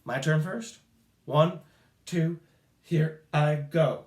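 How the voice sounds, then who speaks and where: A man teaching children rhythm in a playful call-and-response lesson, chanting beats and syllables in a sing-song way. His voice sits a little high, and he speaks slowly and deliberately. The sound carries a noticeable room echo. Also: soft background music. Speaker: music teacher.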